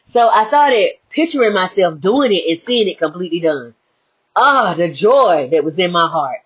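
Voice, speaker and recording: A woman giving a lively spiritual motivational talk, swinging between hushed, reflective stretches and bright exclamations. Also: fairly low pitch, moderate pace, husky. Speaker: inspirational speaker. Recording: muffled lo-fi audio.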